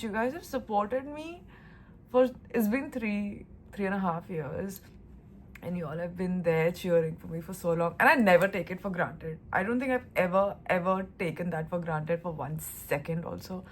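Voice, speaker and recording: A woman's voice: medium pitch, moderate pace, a little hiss or hum. A young woman from India talking casually to camera in a vlog, chatty and emotional, gushing over everything. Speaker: lifestyle vlogger.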